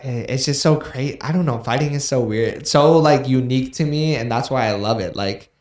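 A young man chatting casually as a podcast co-host, rambling on with a steady stream of "like" and restarts. His voice sits at an ordinary pitch for a man. The sound bounces around an echoey room. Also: brisk. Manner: rambling, filler-heavy, repeats "like". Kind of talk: casual chat.

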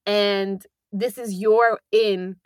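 A woman's voice: mid-range voice, fairly even intonation, very slow, clean tone, no echo, studio quality. A young woman in casual chat, talking candidly and rambling with many fillers and the odd swear word.

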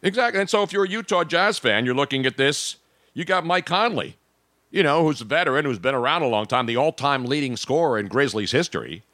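A man's voice: fairly high pitch, animated, brisk, sharp tone, no echo, studio quality. A man hosting a casual sports talk show, joking and rambling between topics.

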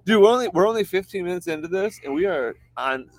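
A man's voice: high-pitched, animated, fast, dry recording. A man co-hosting a podcast, chatting casually and goofily, laughing and reading out listener comments. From Michigan. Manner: goofy, laughing, reads chat comments aloud. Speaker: podcast co-host.

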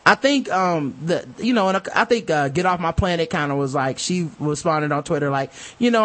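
A man co-hosting a casual podcast chat, animated and profane, acting out other people's lines as he talks. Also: fairly high pitch, fairly quick, hardly any pauses. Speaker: podcast co-host.

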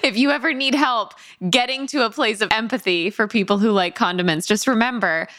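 A woman hosting a podcast, teasing her guest with quick deadpan jokes. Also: fairly high pitch, no room sound, clean studio sound. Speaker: podcast host. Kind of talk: casual chat.

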